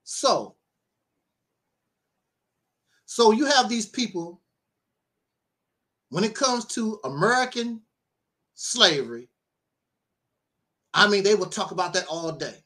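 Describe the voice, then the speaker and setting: A man's voice: high-pitched, pushed and bright. A man preaching in a livestream monologue, talking emphatically, laughing often and repeating himself. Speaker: self-styled minister.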